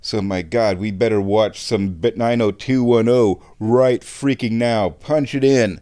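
A man's voice: a little slow, clean tone. Guy ranting for laughs in a vlog, sarcastic, voice jumps way up when he panics. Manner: animated, sarcastic, swings to high exclamations. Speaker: vlogger. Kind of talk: casual comic rant.

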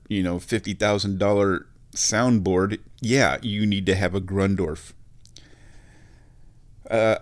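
A middle-aged man with a fairly low voice, talking through memories in a loose, rambling way. He mocks himself and chuckles at his own jokes as he goes. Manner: chatty, self-mocking, laughs at his own jokes. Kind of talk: rambling personal storytelling.

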